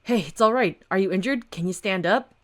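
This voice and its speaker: A woman reading a webtoon aloud, voicing a calm young man who rescues someone from a fire. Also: mid-range voice, fairly quick, natural voice.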